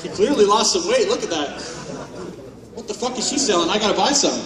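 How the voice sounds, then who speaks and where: A man's voice: high voice, expressive, a little fast, far from the mic, crowd noise. A man giving a comedic, profane keynote talk on stage at a conference, mocking and sarcastic. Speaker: conference speaker. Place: large hall on stage. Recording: echoey hall, speaker off-mic.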